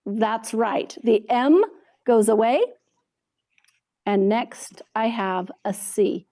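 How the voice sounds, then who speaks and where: A woman modeling a phonics lesson for children over a video call, drawing out word sounds slowly and praising often. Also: on the high side, expressive, dark tone. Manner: slow, drawn-out sounding out of words with frequent praise. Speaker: reading teacher.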